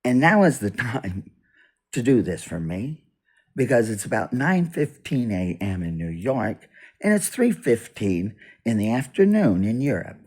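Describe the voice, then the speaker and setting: A man giving an unscripted political monologue for his video, halting and restarting, his voice swinging between loud and soft. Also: mid-range voice, sing-song, husky. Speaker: video blogger. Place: indoors, US east coast.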